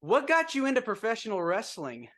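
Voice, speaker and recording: A man's voice: sits high, huge pitch swings, fairly quick, fairly bright tone. A man hosting an interview podcast, upbeat and friendly with short reactions. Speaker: podcast host.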